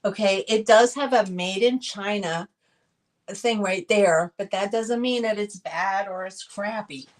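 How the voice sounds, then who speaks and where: In a rough recording, a medium-pitched woman speaks at a measured pace. She is a northern United States host of a live online sale, chatting casually and raving to the people watching.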